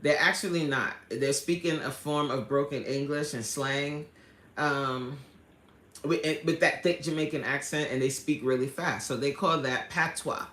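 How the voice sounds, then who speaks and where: A woman hosting a casual livestream, chatting with viewers and reading out their comments in animated, slangy talk, laughing often. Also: sits low, unhurried. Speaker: livestream host. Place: indoor room at home. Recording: roomy echo.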